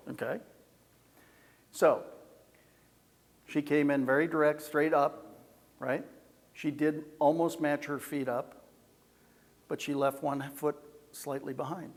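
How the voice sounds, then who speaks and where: A man in his sixties giving a live seminar talk on communication, lively and jokey, acting out what people said. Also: on the high side, slow, pauses often. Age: 60s. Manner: lively, jokey, acts out quoted voices. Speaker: communication speaker. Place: large hall with an audience. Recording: long hall reverb from a live event.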